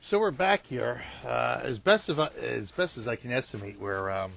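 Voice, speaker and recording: A man casually commenting on his own hunting gameplay, rambling and self-mocking, laughing at his blunders and swinging between hushed muttering and loud exasperated outbursts. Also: medium pitch, lively intonation, moderate pace, gravelly.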